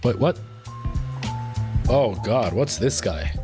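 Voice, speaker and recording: A man's voice: fairly low pitch, lively intonation, slow pace, music in the background. Chatty young male streamer. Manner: chatty, rambling, self-correcting. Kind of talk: casual gameplay commentary.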